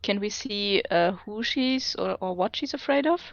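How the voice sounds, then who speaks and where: A woman's voice: mid-range voice, expressive, creaky, no echo. Woman player on a dull, dry mic. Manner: halting, thinking aloud. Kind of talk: tabletop role-play.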